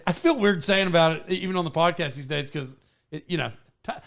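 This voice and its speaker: A man hosting a podcast, telling a story in a casual, animated way with frequent laughs and restarts. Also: on the high side, fairly quick, vocal fry. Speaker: podcast host.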